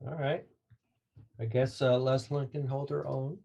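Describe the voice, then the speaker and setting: Relaxed man running a tabletop game. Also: mid-range voice, a little slow, creaky, breathy edge. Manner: relaxed, hesitant narration. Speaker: game master.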